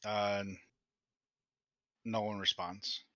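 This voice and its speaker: Male dungeon master, bright lower voice, halting narration, dull lo-fi recording. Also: level tone, dry recording. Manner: slow, halting descriptions with fillers. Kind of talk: narrating a tabletop game.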